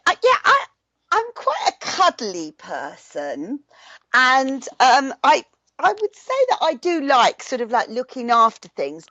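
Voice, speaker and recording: A woman's voice: fairly high pitch, fairly bright tone, no room sound. Hesitant woman on a lo-fi call. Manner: hesitant, halting, many restarts. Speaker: player in a tarot game. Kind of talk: playful role-play game chat. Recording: dull lo-fi video call audio.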